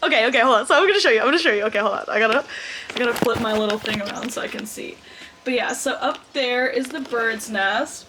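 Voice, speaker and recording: A woman's voice: fairly high pitch, noisy background. Bubbly young woman vlogging casually. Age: 20s. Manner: bubbly, rambling, quick bursts of excitement. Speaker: book vlogger. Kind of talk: casual chat to camera. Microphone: small vlog camera.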